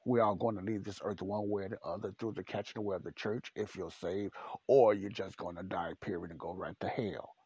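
A man's voice: sits low, fairly even intonation, brisk, darkish tone, breathy edge, no echo. A man preaching a podcast sermon, blunt and repetitive, speaking straight to the listener. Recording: dull, dry lo-fi recording.

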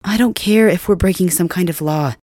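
A woman's voice: lowish voice, a little fast, dry recording, studio quality. A woman speaking urgently and with determination to the listener in an ASMR audio role-play. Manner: urgent, determined, hushed at times.

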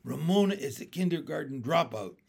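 Man voicing a giggly, tattling older sister, raised pitch. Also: lively intonation, fairly quick, creaky, darkish tone, breathy edge, full character voice. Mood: mocking. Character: teasing older sister, schoolgirl, bossy.

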